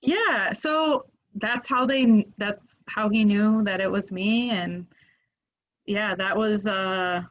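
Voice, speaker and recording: A podcast guest, a woman with a mid-range pitch, tells a casual story at a slow pace, peppering her sentences with "like." She grows animated and her voice rises as the story reaches its peak. The audio sounds slightly dull, like it came from a basic podcast mic.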